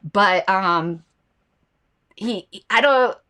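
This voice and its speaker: Animated woman hosting a political talk show. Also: mid-range voice, extremely slow. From United States. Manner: animated, reacting to chat comments and ads. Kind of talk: casual commentary livestream.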